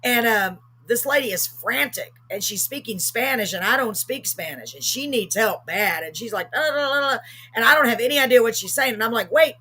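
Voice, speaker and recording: A woman's voice: fairly high pitch, fairly quick, few pauses, husky. Middle-aged lady on a live show, tells stories with lots of emphasis and acts out the quotes. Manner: animated, emphatic storytelling with acted-out quotes. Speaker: host. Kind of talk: casual storytelling on a live show.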